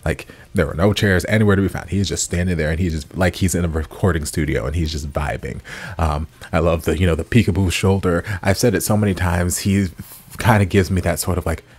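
Guy with a low gravelly voice doing a music reaction, chatty and excitable. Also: fairly quick. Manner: animated, gushing, drops to whispers at times. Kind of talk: casual reaction commentary.

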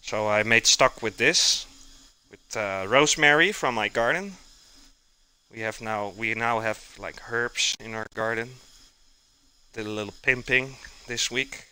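A man's voice: mid-range voice, unhurried, pushed and bright, smooth, low-quality recording. A man with a non-native accent who streams himself cooking live, rambling casually and answering chat messages as he works. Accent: non-native English accent.

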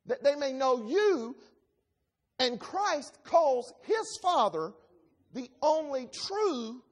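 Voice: high-pitched, sing-song, takes it slowly. A preacher giving an expository sermon, reading scripture aloud and explaining it line by line with emphasis. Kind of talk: expository Bible-teaching sermon.

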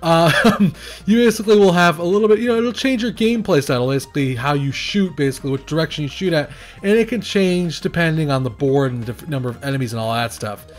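A man's voice: on the high side, quick pace, soft background music. A man giving casual commentary over a video game he is playing, rambling and hesitant with many fillers, and breaking into nervous exclamations when the action gets hectic. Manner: nervous exclamations under pressure. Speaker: game reviewer.

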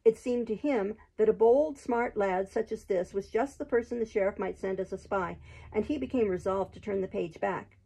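A woman reading a classic adventure tale aloud chapter by chapter in a gentle, steady manner. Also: mid-range voice, moderate pace, vocal fry, breathy edge, poor audio. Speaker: host reading a book aloud. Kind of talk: storybook read-aloud.

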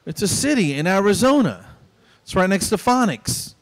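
Man doing stand-up, higher voice. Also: very animated, moderate pace, a little hiss or hum. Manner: storytelling, acts out both sides of exchanges. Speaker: stand-up comedian. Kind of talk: stand-up comedy routine. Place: small club stage.

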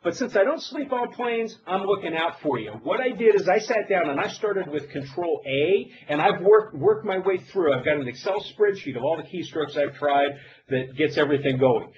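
A man's voice: a little high, normal speed, dull audio. A middle-aged man giving a technical demo, telling stories with self-deprecating jokes. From United States. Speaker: technical presenter. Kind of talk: live demo presentation.

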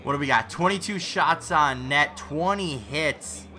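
A man giving casual commentary while playing a video game, reacting out loud and talking himself through each move. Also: on the high side, unhurried. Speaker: gaming YouTuber.

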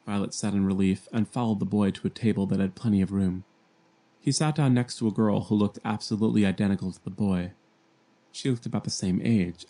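A man reading a children's novel aloud in a plain, gentle storytelling manner, lifting his voice for the young characters' dialogue. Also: lowish voice. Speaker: amateur audiobook reader. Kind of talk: fan audiobook reading.

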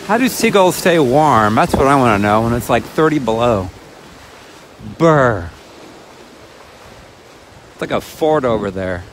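A man's voice: medium pitch, sing-song, fairly quick, a little hiss or hum. A man rambling to himself while walking outdoors in freezing cold, shivering now and then. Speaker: vlogger. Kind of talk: casual outdoor vlog rambling. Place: outdoors by icy water in cold weather.

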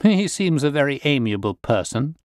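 A man voicing a calm detective who speaks in a cool, bland, dryly amused way. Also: medium pitch, moderate pace, no room sound, clean studio sound, voice pushed up, natural voice. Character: calm, witty male detective, unflappable.

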